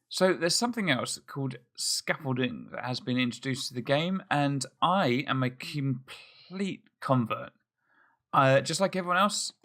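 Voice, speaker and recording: A man with a bright, edgy tone and a gravelly rasp running through his voice chats his way through a game. He thinks out loud and pokes fun at himself as he builds. He speaks at a middle pitch. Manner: chatty, self-mocking, thinks aloud. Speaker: let's play host. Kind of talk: casual gameplay commentary.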